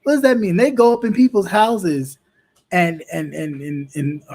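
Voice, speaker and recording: Impassioned high-voiced man. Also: a little slow, darkish tone. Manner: impassioned, emphatic repetition. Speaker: host. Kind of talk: political commentary talk.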